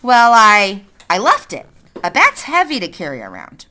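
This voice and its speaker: A woman's voice: mid-range voice, wildly swooping pitch, normal speed, pushed and bright. A woman voicing a frightened, injured young boy who stammers defensively in a read-aloud children's story. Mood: nervous.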